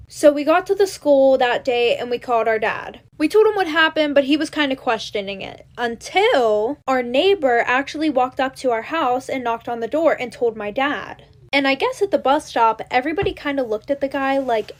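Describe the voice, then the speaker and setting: A woman's voice: high-pitched, expressive, normal speed. A young woman telling casual storytime tales to her followers, blunt and chatty, swearing freely. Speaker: storytime creator. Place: in bed at night.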